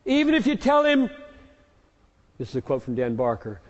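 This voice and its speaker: A man's voice: sits high, wildly swooping pitch, normal speed, highs cut off. Emphatic man in an echoey hall. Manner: emphatic, repeats key words for force. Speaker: pastor answering audience questions. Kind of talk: live Q&A teaching.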